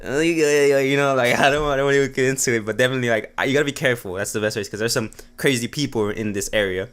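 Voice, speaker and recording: A man talking fast on his vlog, telling a story. His pitch sits in the middle range. He rambles and swears, and he packs his sentences with fillers. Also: a bit bright. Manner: rambling, profane, heavy with fillers. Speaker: vlogger. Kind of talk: casual storytelling.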